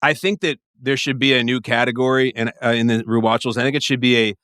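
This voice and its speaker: Animated, swearing man in casual chat. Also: medium pitch, fast, no echo, studio quality. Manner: animated, profane, jokey. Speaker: podcast guest.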